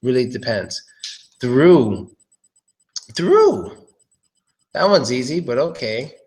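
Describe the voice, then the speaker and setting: Relaxed man teaching pronunciation live. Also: mid-range voice. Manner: relaxed, thinking aloud, repeats words slowly. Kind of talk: live-stream English pronunciation lesson.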